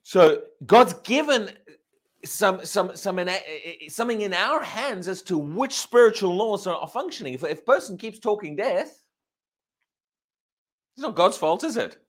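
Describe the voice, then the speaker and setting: A pastor with a high voice and lively intonation preaches at an ordinary pace. His sermon is full of rhetorical questions for the congregation, repeated and restarted phrases, and drawn-out emphasized words.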